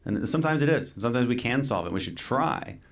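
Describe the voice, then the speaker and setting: A man speaking as a politician guest in an earnest conversation, halting and repeating words as he thinks. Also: mid-range voice, animated, gravelly.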